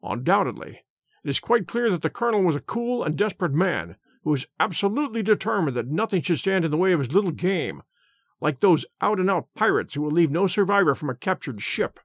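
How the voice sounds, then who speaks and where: A man reading the part of a calm, incisive detective, measured and quietly assured, slowing down on key points. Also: high voice, breathy edge, no echo, studio quality, exaggerated voice. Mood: explaining. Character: calm, incisive male detective, middle-aged. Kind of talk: audiobook character reading.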